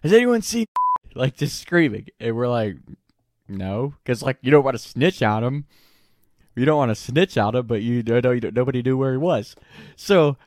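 A man's voice: mid-range voice, fairly quick, a little mellow, dry recording, studio quality. A young man casually telling a funny story, laughing often and swearing freely.

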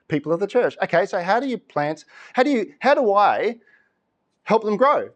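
A middle-aged pastor preaching a sermon in an animated storytelling way. His voice sits a little high and swings widely in pitch as he acts out little voices and laughs between lines. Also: moderate pace.

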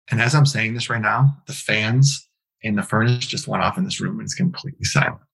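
A man's voice: on the low side, a little fast, vocal fry, a bit bright, breathy edge, rough recording. A middle-aged man telling a raw personal story as a podcast guest, rambling, emotional and swearing, with many restarts.

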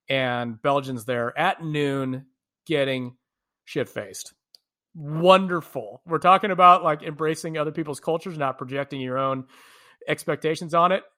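A man's voice: medium pitch, fairly bright tone. A man, a podcast co-host from the United States, animatedly telling travel stories in a casual chat, laughing often.

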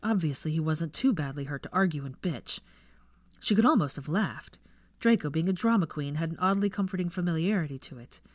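Fanfic reader reading a chapter out loud, steady and even, dry sound. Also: mid-range voice, fairly quick, no room sound. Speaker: fan fiction reader. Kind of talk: reading a story aloud.

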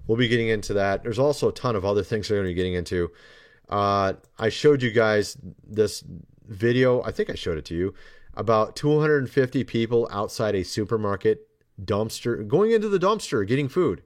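A podcast host talks through a casual commentary monologue on his own show in a lowish, expressive voice at a fairly quick pace. He wanders loosely from point to point, with frequent sarcasm.

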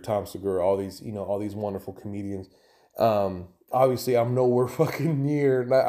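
A man's voice: lowish voice, mellow. A man hosting his own podcast in a loose, rambling, profane way, chatting casually on his own. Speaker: podcast host. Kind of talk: casual solo podcast talk.

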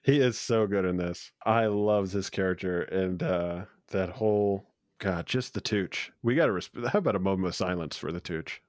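A man's voice: sits low, moderate pace, no echo, studio quality. A man co-hosting a podcast, chatting casually about a movie with crude jokes and frequent laughter. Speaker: podcast co-host. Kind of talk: casual movie-review chat.

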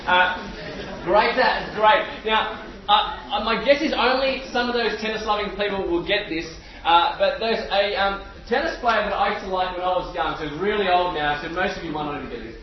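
An Australian man in his forties preaching to a room of people, telling stories in an excitable, animated way. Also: high voice, moderate pace, recorded from a distance. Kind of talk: sermon with storytelling. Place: room with a live audience. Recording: echoey room, slightly dull sound.

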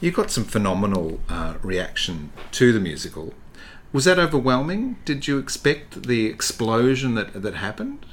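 A man interviewing a guest, asking questions in a measured, appreciative way. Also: mid-range voice, sing-song, a little hiss or hum.

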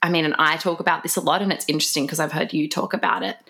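A woman hosting a podcast, asking open questions in a casual, lively conversational way. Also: low-pitched, very fast. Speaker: podcast host.

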